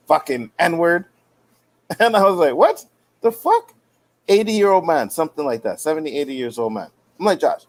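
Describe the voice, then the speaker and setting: A man on a live panel show, telling a story in a relaxed way and giving others short nods of agreement. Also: mid-range voice, rough recording. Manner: easygoing storyteller, affirming others. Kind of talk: casual live panel chat.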